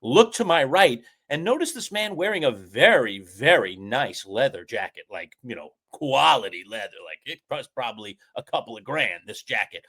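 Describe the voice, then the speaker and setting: A male talk show host tells a long story in casual chat, full of emphatic asides. His pitch swings widely and animatedly from one phrase to the next, around a moderate middle. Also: expressive, normal speed, hardly any pauses, a bit bright.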